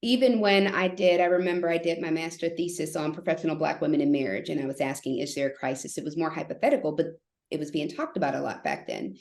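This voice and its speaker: A woman in her thirties, a therapist and guest, telling a story in an animated way, acting out what others said. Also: low voice, fast talker, vocal fry. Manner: animated, acts out quoted voices. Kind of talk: storytelling in a podcast interview. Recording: echoey room.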